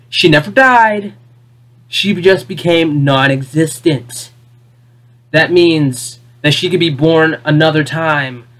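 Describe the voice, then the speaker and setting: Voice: medium pitch, a bit bright. Exasperated vlogger on an unscripted rant. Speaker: video creator ranting about a cartoon finale.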